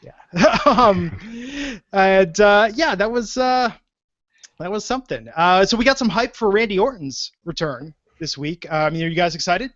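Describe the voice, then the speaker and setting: High-voiced joking male podcast host. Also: measured pace, dry recording. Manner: jokey, animated asides. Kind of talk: casual podcast chat. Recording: dull, dry lo-fi podcast audio.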